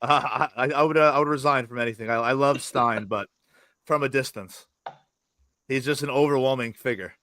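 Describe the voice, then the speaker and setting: A man's voice: mid-range voice, a bit bright, no echo. A man who is a guest on a podcast, chatting casually and telling profane stories at speed, often laughing. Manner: fast, profane storytelling with bursts of laughter.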